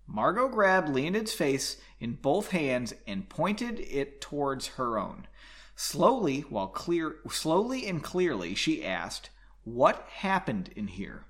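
Lively man reading a novel aloud. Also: on the high side, slow. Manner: jokey asides between passages. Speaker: audiobook reader. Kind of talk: casual read-aloud of a fantasy novel. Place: home, seated on a couch.

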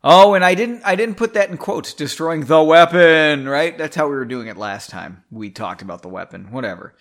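Man reading his own story, casual, cussing, self-deprecating; lively, slightly high voice. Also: normal speed. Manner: profane, self-mocking asides; stumbles and rereads lines. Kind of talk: casual read-aloud with commentary.

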